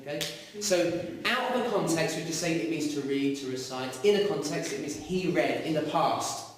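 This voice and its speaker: A man teaching a class, lively and quizzing his students. His voice sits fairly high for a man. It is recorded from a distance in a very echoey room. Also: normal speed. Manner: lively, asks students questions. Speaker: Arabic teacher. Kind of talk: classroom lecture. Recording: echoey room, mic far off.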